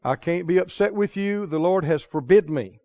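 A man preaching a sermon, chuckling often and swinging from hushed storytelling to loud proclaiming. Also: high-pitched, normal speed, no echo. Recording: dull lo-fi recording.

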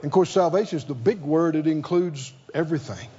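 High-voiced emphatic male preacher. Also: fairly quick, mellow, slightly rough, lo-fi sound. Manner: emphatic, repetitive rhetorical questions. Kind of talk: sermon.

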